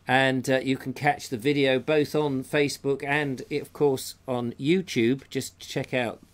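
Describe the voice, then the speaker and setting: A man's voice: medium pitch, flat delivery, measured pace. A middle-aged man hosts a live show in a chatty, rambling way. He often stops to correct himself as he goes. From England. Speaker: show host reading out viewers' photos. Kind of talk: casual live show chat.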